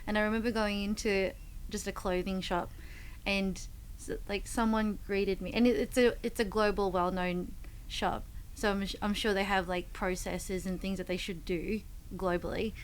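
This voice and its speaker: Woman fitness coach at mid pitch, loose rambling podcast talk, faint noise behind. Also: steady tone, normal speed, poor audio. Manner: rambling storyteller with many fillers and restarts. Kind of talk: casual podcast chat.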